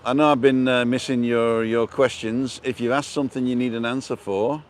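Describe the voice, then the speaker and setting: A man's voice: mid-range voice, fairly even intonation, moderate pace. A man hosting a casual walking vlog outdoors, chatting and reading out viewer comments, recorded on a wireless lapel mic. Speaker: vlogger host. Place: outdoors on a seafront promenade.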